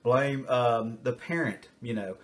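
A man's voice: medium pitch, slow pace, fairly bright tone. An older man, a retired teacher and school administrator, giving casual advice in a rambling way with many fillers as he works through numbered points. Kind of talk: casual advice talk to camera.

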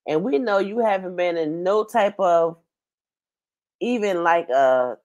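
Slow, sassy woman reaction host. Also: on the low side, expressive, a little mellow, muffled recording. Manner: sassy, blunt, gossipy. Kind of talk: reaction commentary.

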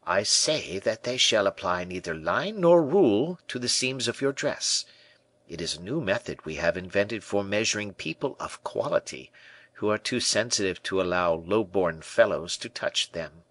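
A man reading an audiobook, voicing a witty, observant playwright who explains things politely and smoothly. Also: on the low side, lively intonation, normal speed, fairly bright tone, no echo. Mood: courteous.

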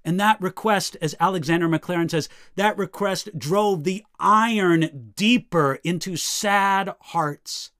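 A man teaching as a pastor, going through scripture verse by verse in a measured, reflective way and reading quotations with feeling. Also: a little high, fairly bright tone, no echo, clean studio sound.

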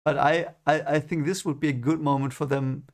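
A man's voice: on the high side, steady tone, a little fast. A young man giving first-time read-along commentary on a book, hesitant and repeating his words, often chuckling. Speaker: book reader reacting.

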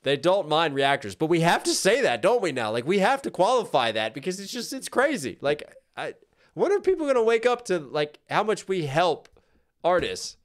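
Jokey man hosting a livestream. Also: high voice. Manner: jokey, animated, quick asides. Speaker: livestream music reactor. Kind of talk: casual live reaction chat.

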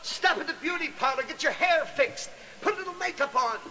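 A man's voice: very high voice, animated, fairly quick, bright, forceful tone, a little hiss or hum, pitched above the performer's own voice, full character voice, rough recording. A comedian playing an exasperated, blunt male doctor who lectures a patient in a rant. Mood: scolding.

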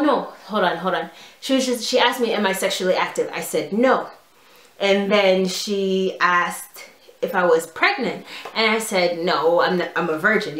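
A young woman telling a storytime vlog in a casual, animated way, full of "like" and quoted dialogue. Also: fairly low pitch. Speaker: vlogger. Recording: echoey room.

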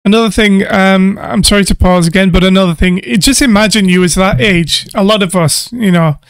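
A man's voice: sits high, brisk. A man, a music producer, giving casual reaction commentary in an enthusiastic, gushing way and laughing often.

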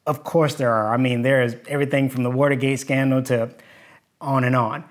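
A man's voice: mid-range voice, fairly even intonation, brisk. A man teaching in a video lesson, plainspoken and skeptical as he picks apart hoaxes. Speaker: engineering YouTuber.

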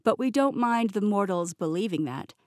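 An easygoing, mischievous young king who can snap into a loud, commanding tone, as a woman narrator puts him on. He is heard in an audiobook with a dry, close studio sound and a mid-range pitch. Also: expressive, normal speed, dry recording, natural voice. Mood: playful. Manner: easygoing, turns stern and loud when giving orders. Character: young male interim king, playful but commanding. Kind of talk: audiobook character voice. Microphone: close studio mic, dry.

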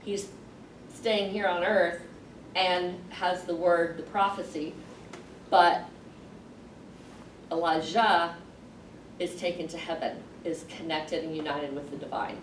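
A woman's voice: fairly low pitch, fairly even intonation. Woman teaching a Bible class from across a roomy space. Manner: conversational, explaining with pauses and fillers. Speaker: Sunday school teacher. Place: classroom with a group. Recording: roomy, distant mic, faint noise.

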